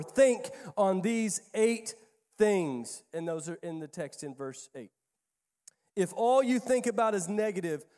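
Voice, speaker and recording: A man in his thirties preaching a sermon as pastor, emphatic and repeating his key phrases, moving between quiet asides and louder stress. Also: sits high, long reverb tail. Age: 30s.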